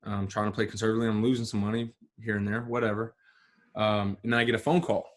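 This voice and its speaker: A man who is a podcast guest, telling a story in a relaxed, rambling way with many fillers and restarts. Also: fairly low pitch, fast. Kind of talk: casual storytelling.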